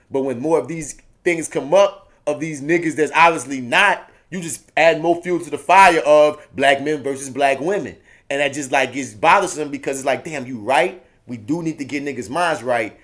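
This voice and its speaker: A man's voice: mid-range voice, moderate pace, fairly bright tone. A man co-hosting a podcast in casual chat, talking passionately and hammering home his points. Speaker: podcast co-host.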